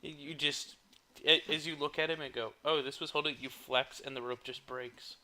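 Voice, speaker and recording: A man's voice: fairly high pitch, steady tone, moderate pace, sharp tone. A man running a tabletop game as game master, wry and laughing often.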